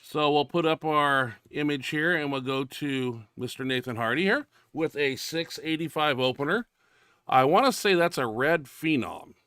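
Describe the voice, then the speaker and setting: Man hosting a lifting show, bright voice, slightly high, dry close sound, loose rambling talk. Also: moderate pace, clear, resonant tone, no echo. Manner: loose, rambling, with restarts and filler. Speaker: powerlifting show host. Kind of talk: casual commentary on lifting videos.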